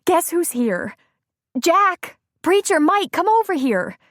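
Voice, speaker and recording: A woman narrator voicing an excited, affectionate young pregnant wife. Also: on the high side, unhurried, no echo, studio quality, pitched above the performer's own voice. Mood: excited, loving. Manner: eager, breathless, affectionate.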